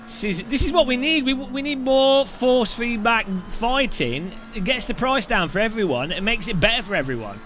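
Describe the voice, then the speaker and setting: A man's voice: very high-pitched, expressive, moderate pace, hardly any pauses, a bit bright, faint music behind. A man chatting casually on a live stream, rambling and jokey, laughing often.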